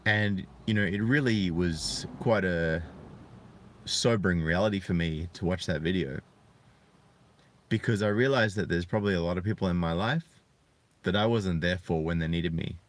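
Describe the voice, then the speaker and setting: A man in his thirties talking earnestly and reflectively to viewers on a live stream, often halting to find his words. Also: sits low. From Australia. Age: 30s. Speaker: channel host. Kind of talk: live-streamed personal talk.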